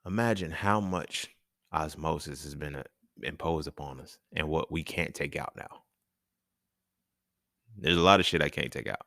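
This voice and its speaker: A man's voice: extremely low pitch, moderate pace, vocal fry, long pauses, bright, forceful tone, no echo, studio quality. A man hosting his own talk show, delivering a casual, profane monologue full of slang and laughter. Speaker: podcast host.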